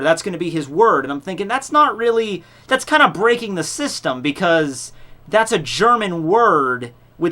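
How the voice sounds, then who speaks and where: A man's voice: a little high, bright, forceful tone. A young man hosting a fan contest on his channel, talking to viewers in a rambling, casual way with lots of fillers, restarts and offhand swearing. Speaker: YouTube channel host running a fan contest. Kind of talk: casual unscripted talk to viewers.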